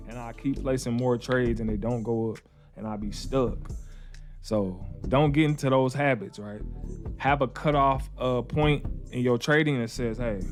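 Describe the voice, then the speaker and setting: A man walks through charts in a loose, chatty screen-share tutorial. He repeats himself and drops slangy asides, his voice sitting at a middle pitch. Faint music plays behind him. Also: a little mellow. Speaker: trading educator.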